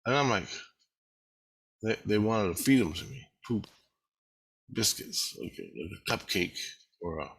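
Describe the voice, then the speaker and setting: Man, husky rough voice, rambling monologue, repetitive, swears a lot. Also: fairly low pitch, lively intonation, a little slow, pauses often, a bit bright. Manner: profane, repetitive storytelling.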